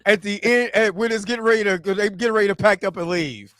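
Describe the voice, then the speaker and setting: High-pitched dude on a podcast, laughs a lot, slangy and animated, dry close mic. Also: male voice, a little fast, no echo. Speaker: podcast co-host. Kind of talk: casual chat.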